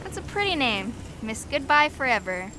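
A woman's voice: sits high, sing-song, moderate pace, noisy background. An actress playing a sweet, scatterbrained young woman in a 1940s radio comedy, naive and chirpy, taking everything literally.

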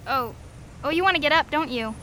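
A woman's voice: high voice, lively intonation, brisk, bright, forceful tone, slight background noise. An actress playing a sweet, scatterbrained young woman in a 1940s radio comedy, naive and chirpy, taking everything literally.

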